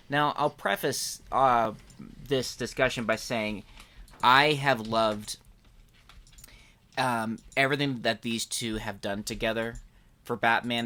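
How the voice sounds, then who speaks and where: Man, podcast host, bright tone, casual chat, rambling, jokey. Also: medium pitch.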